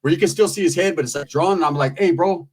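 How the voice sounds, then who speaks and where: A man's voice: a little high, racing, breathy edge. A man telling long, profane, rambling stories in a casual way, full of asides. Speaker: storyteller.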